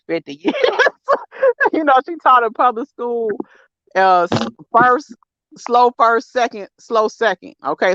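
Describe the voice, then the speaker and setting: A woman's voice: mid-range voice, no echo. A woman, co-hosting a casual podcast chat, talking bluntly and emphatically with plenty of slang. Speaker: podcast co-host. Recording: dry, slightly dull sound.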